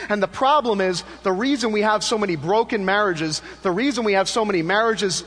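A male pastor preaching a sermon, shifting between lifted emphatic lines and hushed, low passages. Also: brisk, hardly any pauses, long reverb tail.

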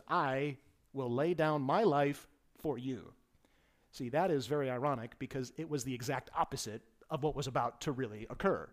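Emphatic preaching man, somewhat high voice. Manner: emphatic preaching, voice rising and falling for stress. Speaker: pastor. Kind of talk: sermon.

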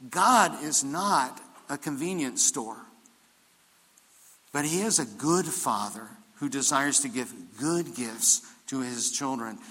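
A man's voice: mid-range voice, fairly bright tone, long reverb tail. An older man preaching a sermon as pastor, telling stories and rising into emphatic preaching.

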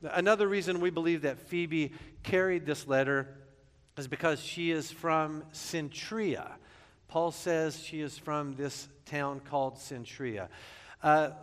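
A man's voice: fairly high pitch, a little slow. Chatty male pastor preaching in a hall. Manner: conversational, joking, stumbles and repeats words. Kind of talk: sermon.

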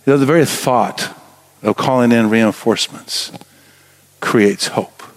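A man's voice: mid-range voice, unhurried. A middle-aged man preaching a sermon as pastor in a church sanctuary, earnest and building to emphatic exhortation.

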